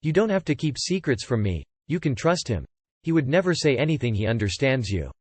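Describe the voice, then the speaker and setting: A man narrating online forum posts aloud in a steady, scripted reading style. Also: mid-range voice, brisk, slightly rough, no room sound.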